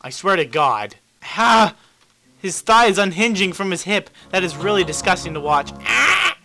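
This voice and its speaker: A young man commentating his own gameplay, swinging between mutters and frustrated yells, swearing at the game. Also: high voice, lively intonation, fairly quick, faint music behind. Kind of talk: let's play commentary.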